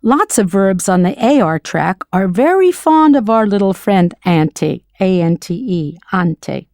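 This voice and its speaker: A woman teaching a scripted audio language lesson, slowly modeling foreign words and spelling them out letter by letter. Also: mid-range voice, expressive, a little mellow, no room sound, clean studio sound.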